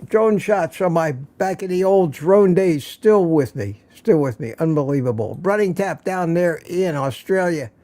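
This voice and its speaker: A friendly man hosts a casual evening livestream from home, reading names from the chat and joking along. His voice sits a little high for a man, with a mellow, soft-edged tone. He talks loosely and easily, with no script. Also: expressive, unhurried, hardly any pauses, no echo. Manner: chatty, greets viewers by name with small jokes. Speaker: livestream host.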